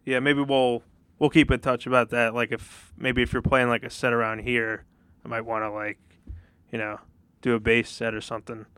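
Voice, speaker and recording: A young man hosting a casual podcast interview, talking in a relaxed and hesitant way with lots of fillers. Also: mid-range voice, moderate pace, clean tone, dry recording. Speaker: podcast host.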